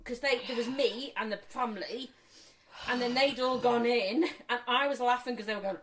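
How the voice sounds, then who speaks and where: A woman's voice: fairly high pitch, normal speed. A woman, co-hosting a casual podcast, telling a story that keeps breaking into laughter. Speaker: podcast co-host.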